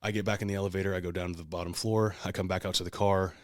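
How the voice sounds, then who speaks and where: A man's voice: low-pitched, little pitch movement, racing, no echo, studio quality. A man co-hosting a podcast, telling a long story in casual, profane, heated talk. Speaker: podcast co-host.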